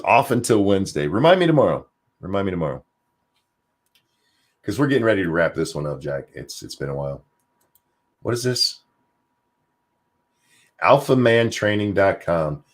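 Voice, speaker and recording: A man hosting a casual livestream, reading viewer comments with sarcastic asides. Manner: animated, sarcastic, jumps high in pitch for jokes. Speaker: stream host.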